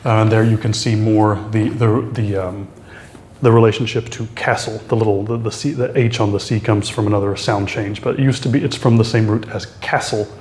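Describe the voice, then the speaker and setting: A man explaining French accent marks in a lesson, pausing often with fillers and restarting his sentences. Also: lowish voice, steady tone, a little mellow, roomy sound, slight background noise. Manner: halting, many fillers and restarts. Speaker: French teacher.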